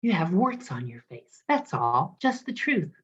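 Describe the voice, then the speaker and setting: A woman voicing a gentle, kindly old wise man who speaks calmly. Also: fairly low pitch, a little slow, husky, exaggerated voice. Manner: calm and gentle. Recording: dull lo-fi recording.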